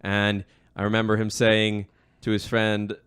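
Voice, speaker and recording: A young man hosts a casual sit-down chat, winding through long stories full of fillers and restarts. His voice sits a bit low and sounds smooth and clear. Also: completely flat delivery, measured pace, a bit bright. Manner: rambling storyteller, frequent fillers and restarts. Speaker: host. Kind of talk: casual conversation.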